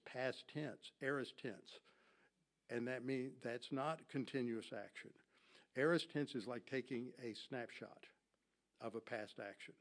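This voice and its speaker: A man's voice: mid-range voice, fairly even intonation, unhurried. A man giving a Bible lesson from slides, explaining Greek grammar and asking his audience questions that he then answers himself. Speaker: Bible teacher. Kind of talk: classroom lecture with slides.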